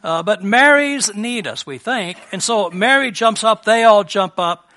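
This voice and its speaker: A man preaching a sermon in a bright, forceful voice, pitched a little high for a man. He is earnest and shifts between emphatic, raised lines and soft, hushed ones. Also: expressive, unhurried. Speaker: pastor.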